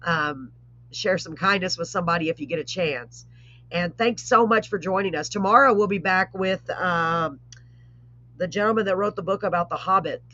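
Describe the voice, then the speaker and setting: A woman hosting a live online show, chatting casually with rambling asides and warm blessings. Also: on the low side, moderate pace. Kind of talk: casual live-stream chat. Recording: dull lo-fi stream audio.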